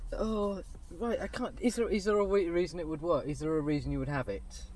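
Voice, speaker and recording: A man co-hosting a podcast in casual chat, talking in a hesitant, halting way. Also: fairly high pitch, steady tone, darkish tone. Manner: hesitant, halting, full of fillers. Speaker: podcast co-host.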